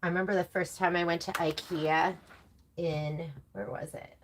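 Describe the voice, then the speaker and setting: A woman's voice: lowish voice, fairly even intonation, normal speed, slight background noise. A woman presenting a sewing stream from her home sewing room, chatting in a rambling way with laughing asides. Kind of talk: casual livestream chat.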